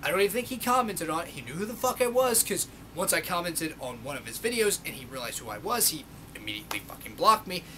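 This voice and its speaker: Young male vlogger, high-pitched, profane and mocking, faint noisy recording. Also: big pitch swings, fast, hardly any pauses, pushed and bright. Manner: sarcastic, swears constantly, mocks others in put-on voices. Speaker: video blogger. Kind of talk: profane ranting monologue.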